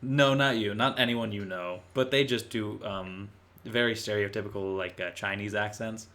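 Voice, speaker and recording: A man's voice: fairly low pitch, fairly even intonation, moderate pace, fairly bright tone. A man co-hosting a podcast in casual chat, easygoing and dropping dry wisecracks. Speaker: podcast co-host.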